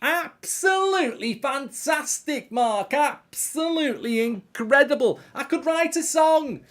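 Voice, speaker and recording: A man's voice: extremely high pitch, animated, unhurried, a bit bright, voice pushed up, full character voice. A man doing a comic impression of a gushing male celebrity heaping praise. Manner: over-the-top, effusive, sing-song.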